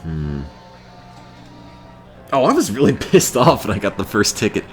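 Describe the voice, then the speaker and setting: A young man streaming live in a deep, deadpan drone that turns sour and ranting when he gets annoyed. His pitch still jumps up and down a lot within that low register. There is faint music in the background. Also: measured pace. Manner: deadpan monotone, with bursts of exasperated ranting. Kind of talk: casual chat on a live stream.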